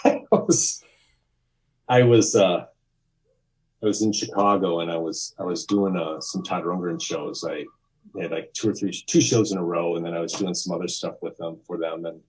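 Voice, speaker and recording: Low-voiced man in his fifties telling stories. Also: normal speed, low-quality recording. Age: 50s. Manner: rambling, with frequent restarts and acted-out quotes. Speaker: podcast guest, music photographer. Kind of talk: candid conversational storytelling.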